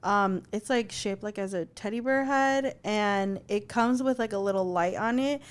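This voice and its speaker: A young adult woman co-hosting a podcast, telling a story in an animated, chatty way, full of fillers and swearing. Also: mid-range voice, moderate pace, clear, resonant tone. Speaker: podcast co-host. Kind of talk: casual chat.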